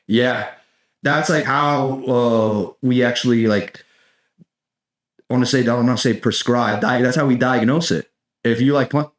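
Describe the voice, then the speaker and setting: A young American man rambles through a comedic podcast monologue, swearing freely and tossing in "dude" every few words. His pitch sits in an ordinary middle range, and the sound carries a noticeable room echo. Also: animated, fairly quick. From United States. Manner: rambling, profane, sarcastic, says "dude" constantly. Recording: echoey room.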